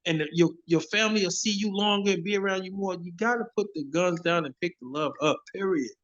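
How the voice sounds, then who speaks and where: A hip hop artist speaking as an interview guest over a phone video call, preachy and emphatic, often repeating himself. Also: male voice, sits high, quick pace, a bit bright. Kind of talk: casual interview. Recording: dull lo-fi phone audio.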